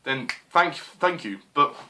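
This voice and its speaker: A man's voice: a little high, animated, slow, background noise. A man giving an exasperated, swearing rant as a film reviewer, full of fillers like "you know" and "I mean.".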